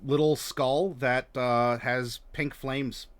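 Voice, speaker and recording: A game master narrating a tabletop game in a relaxed, hesitant way. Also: mid-range voice, slow, no echo. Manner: relaxed, hesitant, laughs often.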